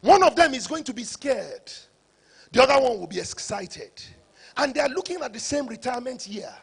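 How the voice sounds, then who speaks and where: Husky high-voiced man speaking. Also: expressive, normal speed. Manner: preacher-like, rising to shouts for emphasis. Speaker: conference speaker. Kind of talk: motivational conference talk.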